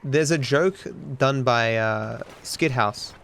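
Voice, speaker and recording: This man's voice is medium-pitched, creaky, and a bit bright, moving at a slow pace. He's a young Australian streamer and speedrunner in his twenties, rambling and swearing freely as he chats casually with his viewers while gaming.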